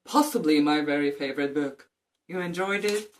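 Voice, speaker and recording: A woman reading aloud and voicing a vain, smiling male teacher who speaks in a smooth, self-satisfied way. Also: low-pitched, normal speed, close to an everyday voice. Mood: smug.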